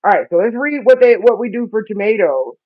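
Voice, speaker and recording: Very animated and high-voiced, a vlogger talks casually while getting seeds ready for his first garden. He laughs at himself and reads the seed packets aloud haltingly; the sound is very dry and tinny like a phone line, with no room sound.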